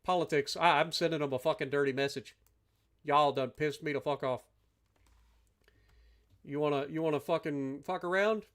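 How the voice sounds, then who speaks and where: A man's voice: fairly high pitch, normal speed, pauses often, a bit bright. A man streaming a strategy game live, ranting and swearing at his opponents as he plays. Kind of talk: live gameplay commentary.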